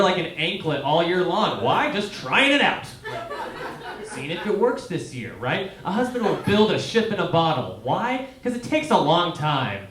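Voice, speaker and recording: Stand-up comic, roomy theater, crowd laughter. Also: male voice, on the high side. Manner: conversational, asks the crowd questions. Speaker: stand-up comedian. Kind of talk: stand-up comedy set. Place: small theater stage. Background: audience laughing.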